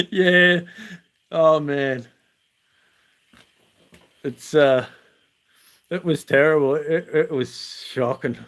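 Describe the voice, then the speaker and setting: A man's voice: on the high side, steady tone, takes it slowly, long pauses. An Australian man, the channel host, chatting on a livestream from outdoors at night and laughing through funny camp stories. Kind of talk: casual livestream storytelling.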